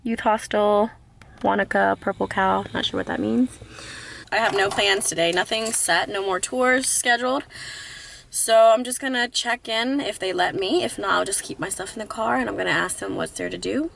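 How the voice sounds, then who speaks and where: A woman's voice: medium pitch, normal speed, vocal fry, fairly bright tone, a little hiss or hum. A woman chatting to the camera as she drives and explores on a travel vlog, upbeat and self-narrating. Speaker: travel vlogger. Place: car and outdoors. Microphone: camera on dash and handheld.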